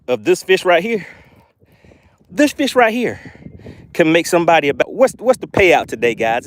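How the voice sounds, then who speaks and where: An excitable man hosts a live fishing stream from a boat outdoors. He hypes every catch and reads chat messages aloud in a slightly high voice, picked up by a phone or camera mic. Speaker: fishing livestream host.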